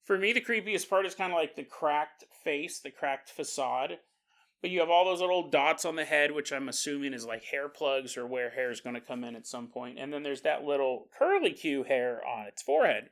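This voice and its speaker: Bright-voiced man telling a story. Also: a little high, animated, brisk, few pauses. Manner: jokey, acts out quoted voices, laughs often. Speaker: podcast host. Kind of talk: casual storytelling monologue.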